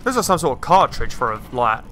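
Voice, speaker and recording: A man gives casual let's-play commentary with a bright, forward tone. He is excitable and swears freely. He often talks straight to the creatures in the game. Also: medium pitch, brisk, slight background noise. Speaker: gaming channel host.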